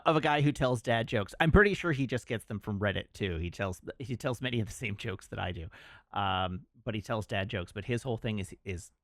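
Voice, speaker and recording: A man's voice: medium pitch, fairly bright tone, dry recording, studio quality. A man chatting casually on his livestream, laughing and reading out chat messages.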